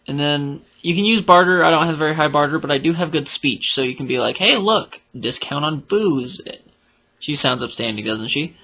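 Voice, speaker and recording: A man's voice: on the high side, fast talker, few pauses, bright, forceful tone. A man giving casual, rambling gameplay commentary for a walkthrough, joking and humming tunes as he plays. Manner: rambling, jokey, hums and sings while playing. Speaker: game walkthrough narrator.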